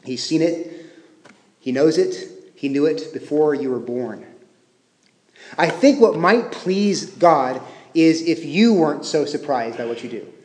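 A man preaching a sermon as pastor, talking conversationally and swinging between emphatic stresses and hushed, quiet phrases. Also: on the high side, lively intonation, a little slow, slight background noise. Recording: echoey hall with long reverb.

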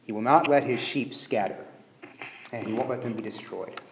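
A man's voice: medium pitch, vocal fry, a little hiss or hum. A man preaching a sermon, explaining scripture and briefly acting out the figures in it. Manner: lively, acts out biblical figures in quick asides. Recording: echoey room.

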